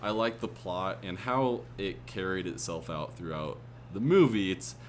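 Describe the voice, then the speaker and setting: A man's voice: low voice, expressive, measured pace, slight background noise. A man co-hosting a podcast, giving his views on a film in a rambling, hesitant casual chat with many fillers. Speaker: podcast co-host. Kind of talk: casual movie review chat.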